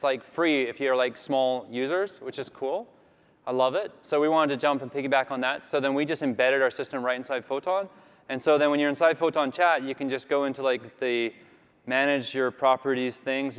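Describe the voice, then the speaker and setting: A man's voice: mid-range voice, a bit bright, clear, resonant tone. A man from Canada giving a casual, rambling conference talk with a live demo, full of fillers. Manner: chatty, rambling, filler-heavy. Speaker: conference speaker. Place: large conference hall. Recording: long reverb of a big hall.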